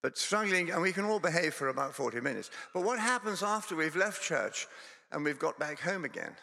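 Scottish man, preacher, gravelly voice, bright tone, chatty sermon with jokes, long church reverb. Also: a little high, animated, brisk. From Scotland. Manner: conversational, self-deprecating, digressive. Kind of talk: sermon with humorous storytelling.

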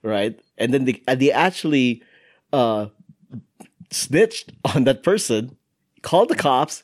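A man hosting a relaxed podcast, talking in a casual, joking way. His pitch sits in the middle of the range and swings widely as he goes. He laughs easily and often restarts his sentences. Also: slow, pauses often. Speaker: podcast host. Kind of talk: casual chat. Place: recorded in Halifax, Canada.

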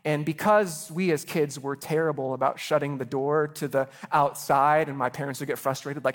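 Earnest pastor, slightly higher voice. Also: male voice, steady tone, moderate pace, few pauses. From Chicago area. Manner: earnest, personal, repeats words when starting phrases. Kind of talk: sermon.

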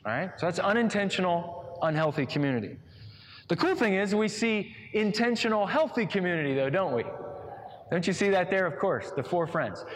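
Male pastor, slightly high voice, conversational sermon full of rhetorical questions, big reverberant hall. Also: animated, normal speed.

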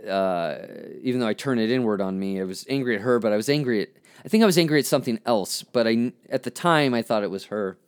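A man telling a candid personal story as a podcast host, halting and reflective, often restarting his sentences. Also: medium pitch, clear, resonant tone. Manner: frank, self-critical.

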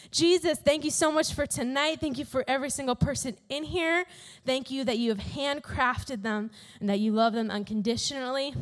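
Upbeat young woman preaching casually. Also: high voice. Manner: slangy, upbeat, laughs often. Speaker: youth pastor. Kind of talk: casual sermon.

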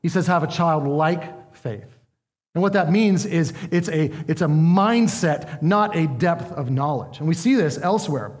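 A man's voice: a little high, normal speed, hardly any pauses, a little mellow, long reverb tail. A man preaching a sermon as pastor, earnest and emphatic, asking his listeners questions.

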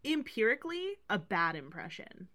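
A woman's voice: medium pitch, big pitch swings, moderate pace, fairly bright tone. A woman co-hosting a podcast in casual movie-review chat, chatty and agreeable. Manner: chatty, agreeable, full of fillers. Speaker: podcast co-host.

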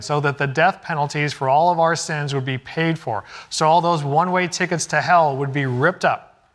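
Brief: middle-aged male preacher, slightly higher voice, storytelling sermon delivery with acted-out quotes. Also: a bit bright. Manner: storytelling, acts out quoted dialogue. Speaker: pastor.

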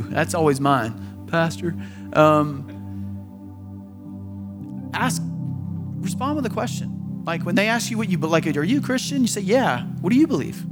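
A man preaching in a relaxed, talky way, slipping into little quoted voices as he goes. His voice sits high. Music plays clearly underneath him. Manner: conversational, acts out quoted voices. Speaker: pastor. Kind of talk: sermon.

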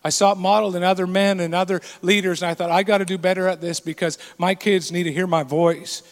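High-voiced man preaching in a reverberant hall. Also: level tone, fast talker. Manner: earnest, emphatic preaching with acted quotes. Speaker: pastor. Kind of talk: sermon.

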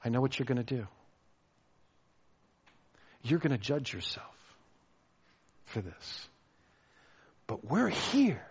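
A man's voice: medium pitch, sing-song, takes it slowly, long pauses, slightly rough, voice pushed down, heavily acted. A man preaching, voicing an urgent ancient male apostle calling out in a sermon. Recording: dull lo-fi sound.

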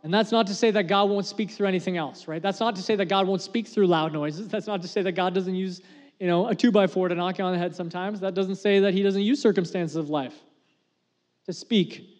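A man preaching a sermon as pastor, earnest and conversational, dropping to a hush for emphasis. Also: sits high, a little fast, big-room sound. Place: church sanctuary.

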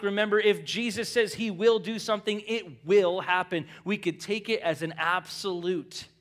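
A middle-aged man preaching a sermon, moving between quiet conversational asides and loud emphatic peaks, often acting out quoted lines in everyday voices. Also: high-pitched. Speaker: pastor.

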